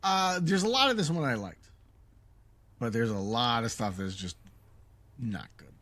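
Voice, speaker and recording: A man's voice: mid-range voice, lively intonation, a little slow, fairly bright tone. A man co-hosting a casual TV recap podcast, adding blunt, wry comments and swearing freely. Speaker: podcast co-host.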